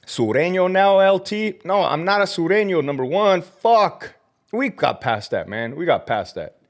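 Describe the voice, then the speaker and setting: Big pitch swings mark this man's high voice, and he speaks a little slowly. He's a middle-aged former corrections officer hosting a livestream, reading chat and ranting about his old job in a profane, mocking, fired-up tone laced with Spanish slang.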